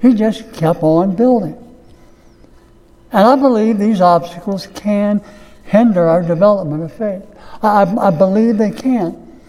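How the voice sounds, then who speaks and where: A pastor delivering a sermon, preaching slowly and emphatically, repeating key phrases. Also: male voice, high-pitched, dark tone, big-room sound.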